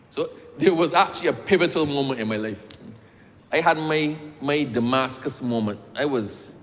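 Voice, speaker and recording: A man's voice: medium pitch, a bit bright. A man speaking in parliament, telling a personal story while presenting a bill and repeatedly addressing the chair as sir. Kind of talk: parliamentary speech with personal anecdote. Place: parliament chamber. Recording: reverberant debating chamber.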